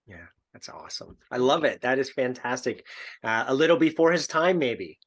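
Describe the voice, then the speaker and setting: A man's voice: mid-range voice, expressive, normal speed. A man hosting an interview, reacting with enthusiastic, encouraging remarks. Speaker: podcast host.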